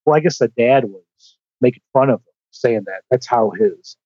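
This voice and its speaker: A man's voice: mid-range voice, normal speed, husky, no echo, dull audio. A man guest on a podcast, telling stories casually, acting out quotes and swearing as he goes. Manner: animated storyteller, acts out quotes, swears. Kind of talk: casual storytelling chat.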